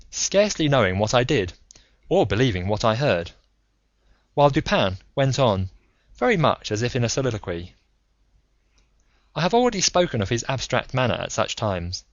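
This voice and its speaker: A man reading a classic story aloud as an audiobook narrator, in a formal, steady storytelling manner, with a dull, dry sound. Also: medium pitch, dry recording.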